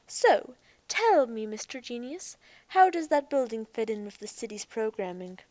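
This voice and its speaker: A woman voicing a restless, moody young woman from a storybook, teasing and quick to turn sarcastic. Her voice rides a little high and lively, recorded close and dry. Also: dry recording.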